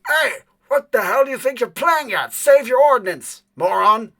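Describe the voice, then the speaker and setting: A man voicing a nervous male soldier in a tabletop game, shouting from a distance and then asking uneasy questions. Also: mid-range voice, takes it slowly, no echo. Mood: angry. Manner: shouting angrily from afar, then wary.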